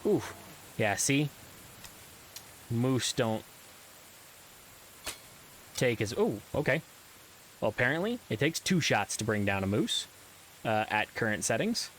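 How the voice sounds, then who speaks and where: A man's voice: mid-range voice, sing-song, slow, pauses often, a bit bright, slight background noise, low-quality recording. A man giving casual, rambling commentary while playing a video game, with frequent ums and uhs and self-deprecating asides. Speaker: let's play gamer.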